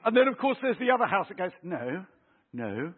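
A man preaching a lively sermon, acting out little scenes with family voices. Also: very high voice, rapid-fire, husky. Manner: animated, acts out voices of kids and parents. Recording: tinny phone-like sound.

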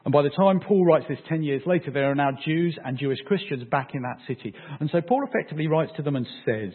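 A man's voice: on the high side, animated, a little fast, hardly any pauses, husky, narrow, tinny audio. A man preaching a sermon in a casual, conversational way, often checking in with his listeners.

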